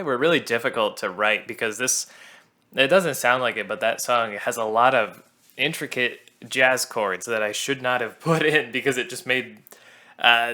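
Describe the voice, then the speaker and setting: Male songwriter, mid pitch, bright tone, laid-back self-mocking commentary. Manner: chatty, laughs at his own jokes, self-deprecating. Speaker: songwriter commenting on his own musical. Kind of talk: casual creator commentary.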